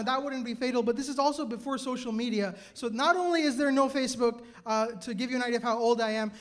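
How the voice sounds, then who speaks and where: On stage before a live audience, a man in what sounds like his thirties tells a personal story in a very high voice. He's animated and self-mocking, dropping quick asides and laughing at himself.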